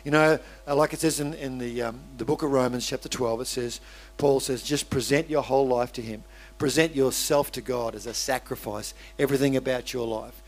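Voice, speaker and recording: A man's voice: mid-range voice, steady tone, a little fast. A man with an Australian accent, a pastor preaching a sermon in a conversational way, with restarts and asides to the congregation.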